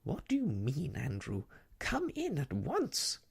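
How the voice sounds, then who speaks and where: A shrill, fluttering older lady, voiced by a soft-spoken storyteller in a gentle ASMR storybook. Her voice jumps high and loud as she frets and scolds. Underneath is a breathy, slightly gravelly close-mic sound. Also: wildly swooping pitch, slow pace, full character voice. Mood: scolding. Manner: prim, scolding, easily tearful. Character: fussy, haughty older woman dog owner.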